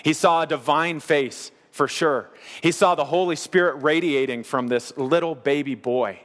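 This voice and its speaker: A man preaching a sermon as pastor, earnest, slowing down on the key phrases. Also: on the high side, fairly bright tone, in a large hall.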